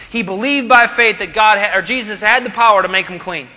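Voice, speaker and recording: A man's voice: high-pitched, a little fast, bright, forceful tone. A man preaching a sermon as pastor, asking rhetorical questions and dropping humorous asides. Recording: long hall reverb.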